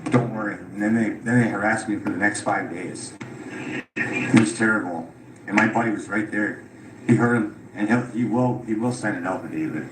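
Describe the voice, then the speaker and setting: A tired, frustrated caller recounts his grievances in an unscripted recording, swearing often. His voice is on the low side at normal speed, captured in an echoey room with loud background noise.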